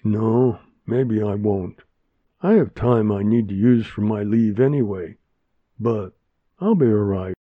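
A man voicing a calm, matter-of-fact woman friend, close to his own low voice, in a dull lo-fi recording. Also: slow, dry recording.

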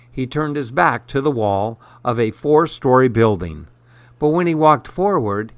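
A man narrating short horror stories in a slow, measured storytelling voice. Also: mid-range voice, fairly bright tone, dry recording.

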